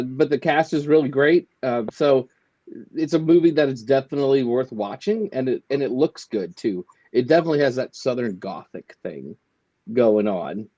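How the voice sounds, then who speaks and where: A man's voice: mid-range voice, mellow, muffled recording. A man co-hosting a casual movie podcast, rambling and joking in an easygoing way. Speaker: podcast co-host. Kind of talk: casual chat.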